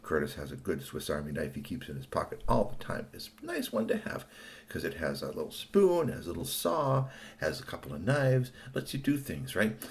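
A man telling an improvised children's story in an animated, playful way. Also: deep voice, a little fast, gravelly.

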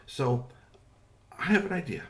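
A man doing a squeaky eager little boy. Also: very animated, unhurried, a bit bright. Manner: eager, stammering. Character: small excitable boy helper.

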